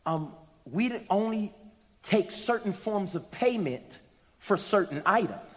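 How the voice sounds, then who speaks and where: A man preaching a sermon to a congregation, telling a story and building to shouted peaks. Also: sits high, expressive, measured pace, big-room sound. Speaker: pastor. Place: church hall with congregation.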